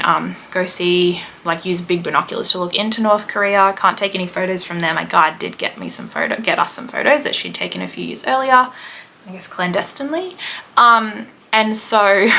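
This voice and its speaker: A chatty Australian woman in her thirties rambles through a travel story, full of "like" and "um". Her voice is bright with a gravelly edge. A faint background hiss sits under the recording. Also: fairly low pitch. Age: 30s. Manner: chatty and rambling, with many "like" and "um" fillers. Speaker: podcast host, history teacher. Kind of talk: casual chat, travel storytelling.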